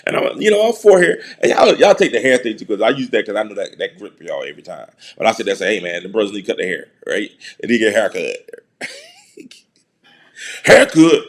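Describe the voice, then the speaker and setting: A man's voice: lowish voice, very animated, a little fast. A middle-aged man hosting a show, giving a casual, joking commentary monologue and laughing often. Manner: joking, laughing often, mocking put-on voices. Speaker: show host.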